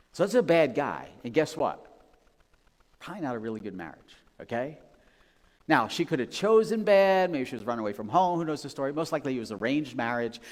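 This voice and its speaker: Male pastor, mid-pitched, relaxed and conversational sermon, recorded with long church-hall reverb. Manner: conversational, checks in with "okay?" and "right?". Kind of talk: casual storytelling sermon. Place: church sanctuary.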